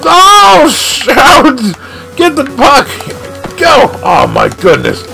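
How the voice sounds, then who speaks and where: A man commentating his own video game play live, excitable and shouting at the action. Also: very high voice, drawn-out words, gravelly, soft background music. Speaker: gaming channel host.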